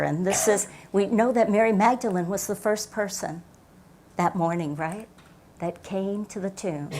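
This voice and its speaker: Older woman pastor preaching softly. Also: mid-range voice. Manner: reflective, varies loudness, drops to near whispers for emphasis. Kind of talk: sermon. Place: church sanctuary.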